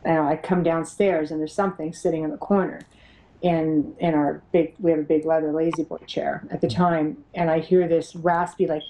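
A middle-aged woman, a paranormal investigator, telling her experiences as an interview guest, animated and laughing often as she acts out what others said. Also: deep voice, moderate pace, low-quality recording. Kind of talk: storytelling in an interview.

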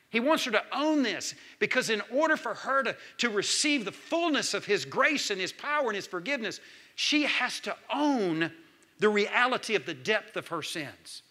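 A man, preaching a sermon as pastor, swinging between loud calls and hushed lines. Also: very high-pitched, very animated, normal speed.

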